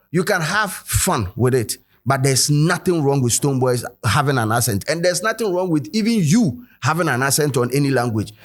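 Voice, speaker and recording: A Ghanaian man hosts a casual commentary show in a somewhat high voice. He talks in an upbeat, chatty way and slides between English and local-language phrases. He speaks straight to his viewers. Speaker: host.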